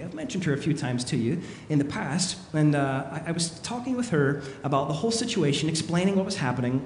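A fairly high-voiced man preaches in a big, echoey hall where his words ring out with a long reverb. He tells his story with animated energy and acts out the panicked voices of the people in it. A faint hiss sits under the recording. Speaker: pastor. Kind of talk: sermon.

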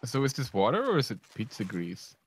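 A man's voice: mid-range voice, huge pitch swings, fairly quick, a crowd in the background. A man making wry remarks during casual gaming banter.

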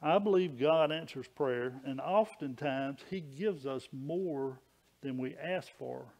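Man, church preacher, folksy conversational sermon delivery, mid-pitched voice. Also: slow, gravelly, darkish tone. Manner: folksy, conversational preaching with small stories and restarts.

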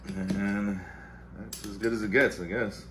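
A man's voice: fairly low pitch, fairly even intonation, measured pace, background noise. A man hosting a casual vlog at home, rambling and cursing, muttering to himself as he works. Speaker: vlog host. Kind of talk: casual chat while making coffee. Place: home kitchen-dining room.

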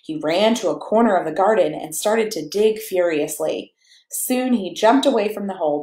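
A woman reading a picture book aloud to children in a playful, animated way, chatting to them and to her dog between pages. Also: mid-range voice, normal speed. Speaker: children's story reader. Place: church or home room, echoey. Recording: echoey room.

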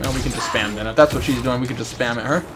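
A man's voice: medium pitch, very fast. A young man streaming a game, chatting casually, swearing and joking, slipping into silly put-on voices. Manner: profane, rowdy, swings into put-on voices. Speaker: gaming streamer. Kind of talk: casual live game commentary. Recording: faint music behind.

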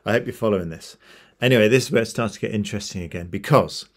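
A man's voice: on the low side, fast. A man retelling a Bible story to a church in a casual, chatty way, with jokey asides and self-corrections.

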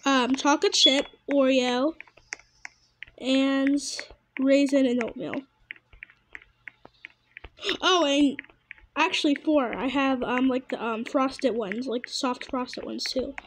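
A woman giving casual gameplay commentary, chatty and excitable and easily startled. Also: high-pitched, slow, pauses often, a little hiss or hum. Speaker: gamer.

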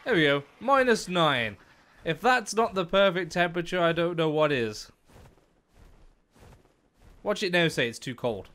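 A young man with a fairly high, lively voice narrates his game run. He talks straight to the creatures on screen and bursts into loud exclamations often. His has an or ring. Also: measured pace, long pauses. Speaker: gaming YouTuber. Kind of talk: let's play commentary.

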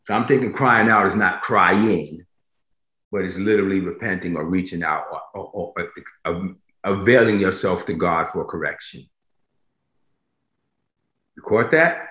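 A man's voice: low voice, measured pace, pauses often, pushed and bright. A man preaching a sermon, emphatic, repeating phrases for stress and asking his listeners directly if they follow. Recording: roomy echo.

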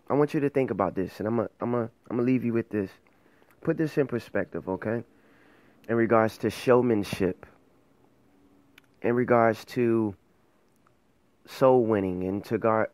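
A man's voice: on the low side, a little mellow, no echo. A man hosting his own faith show, talking casually and earnestly to camera, rambling and correcting himself as he goes. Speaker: host of an online faith show.

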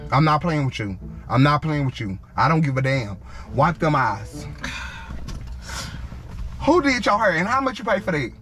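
A young man with a high voice scolds his friend in a car, piling on profanity and over-the-top threats. His delivery is loud and dramatic, and faint music plays in the background. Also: big pitch swings, normal speed, pauses often. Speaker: prank video co-star. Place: inside a car.

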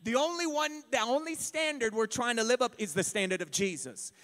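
A male pastor preaching a sermon, emphatic and building to shouts. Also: very high voice, expressive, fairly quick. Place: church sanctuary. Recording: long reverb of a church hall.

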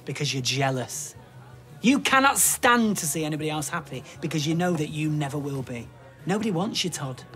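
A man's voice: a little high, lively intonation, fairly quick, a bit bright, soft background music. A man with a Northern English accent in a television soap drama, angrily accusing someone. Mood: angry. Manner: angry, accusing.

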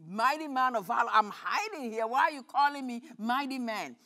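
A woman preacher voicing Gideon, a frustrated biblical man firing off pleading, rapid questions in a sermon retelling. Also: a little high, fairly bright tone, voice pushed down. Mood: exasperated.

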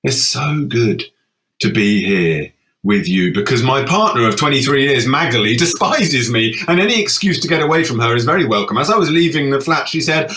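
A man performing his own poetic text on a festival stage, moving from brisk sarcasm to hushed, slow gravity. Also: medium pitch, expressive. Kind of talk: dramatic spoken-word performance. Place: festival stage, live audience.

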